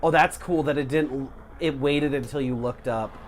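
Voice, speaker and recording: A man's voice: medium pitch, moderate pace, a little hiss or hum. A young man co-hosting a let's play, rambling casually and swearing, packing his sentences with "like". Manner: rambling, profane, heavy use of "like". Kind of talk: casual gameplay chat.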